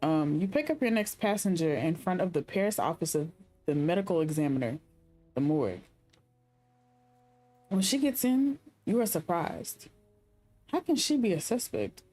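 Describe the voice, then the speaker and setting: Brief: a young female streamer reading game narration and musing aloud, low voice with lively pitch. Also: moderate pace, long pauses, soft background music. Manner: chatty, speculative asides between read-out narration. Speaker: gaming streamer. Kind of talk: reading game text and chatting during a playthrough.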